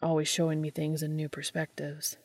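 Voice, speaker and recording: Woman reading a hushed, teasing man. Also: on the low side, moderate pace, creaky. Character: warm, teasing adult man, quietly moved.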